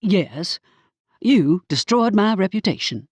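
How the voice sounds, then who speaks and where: A spiteful, gum-chewing hairdresser witch, voiced by a woman reading an audiobook, snaps her words back in a defensive, grudging tone. Her lines swing up and down with lively emphasis. The sound is dry and close. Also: mid-range voice, slow pace, breathy edge, no echo, pitched above the performer's own voice, full character voice. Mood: resentful. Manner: snippy and defensive. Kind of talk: audiobook character voice.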